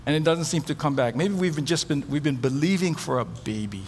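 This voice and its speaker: Animated middle-aged male pastor preaching. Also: on the high side, fairly quick, in a large hall, slight background noise. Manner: animated storytelling, acts out quoted voices. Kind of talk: sermon.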